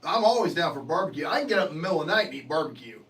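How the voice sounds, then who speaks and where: A male livestream host chats loosely with his viewers, joking, cursing and laughing often. His voice sits fairly high and swings widely in pitch. He sounds a bit distant from the microphone. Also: big pitch swings, very fast, a bit bright. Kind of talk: casual chat reading viewer comments.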